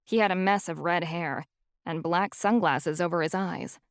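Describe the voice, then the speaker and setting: A woman narrating a first-person audiobook in an even, wry storytelling way. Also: on the low side, normal speed, no echo, clean studio sound.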